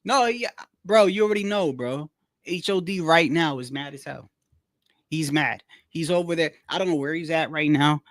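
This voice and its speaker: A man hosting a casual livestream, rambling in a slangy, animated way and repeating himself as he tells stories. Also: fairly high pitch, moderate pace, dry recording, studio quality. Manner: slangy, rambling, keeps saying "bro". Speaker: livestream host. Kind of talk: casual livestream boxing chat.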